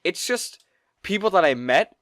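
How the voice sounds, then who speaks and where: Male podcast co-host, slightly raised pitch, dry close sound, excitable rambling storyteller who swears. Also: unhurried, no echo. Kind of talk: casual chat, storytelling.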